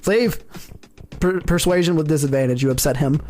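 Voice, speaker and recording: A man's voice: a little high, moderate pace. A man narrating as game master of a tabletop game, casual and laughing easily.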